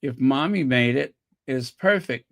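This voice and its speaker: A woman's voice: extremely low pitch, animated, measured pace, gravelly, no room sound, studio quality. A woman hosting a fan channel livestream, chatting casually, thinking aloud and reading out viewer comments. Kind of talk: casual chat reacting to clips and viewer comments.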